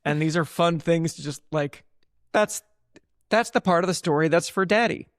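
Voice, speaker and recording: A man's voice: fairly high pitch, moderate pace, dry recording. A man in his thirties tells dry, wry stories as a podcast co-host, recorded close with almost no room sound. He acts out little bits in silly voices as he goes. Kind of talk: casual chat.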